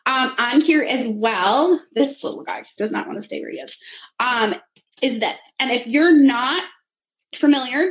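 A woman's voice: on the high side, low-quality recording. A woman in her thirties, a coach, chatting in an upbeat way as she walks through each item on her vision board in a casual how-to talk.

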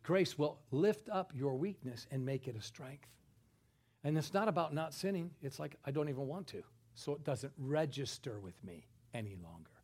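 A man preaching a sermon, chatting with the congregation in asides and building to emphatic, forceful passages. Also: fairly high pitch, expressive, moderate pace, breathy edge.

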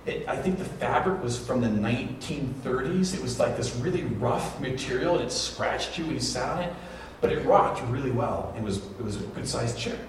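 A man's voice: expressive, moderate pace, distant mic. Guy preaching a sermon, super echoey church sound, mic a ways off, some faint room noise. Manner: storytelling, rises to high emphatic peaks. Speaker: pastor.

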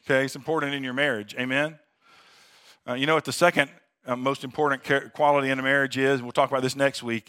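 A man's voice: on the high side, bright, forceful tone. A man preaching a sermon as pastor, in a conversational way, often asking "amen?" and calling his listeners friends. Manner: conversational, calls for amens and addresses listeners as friends.

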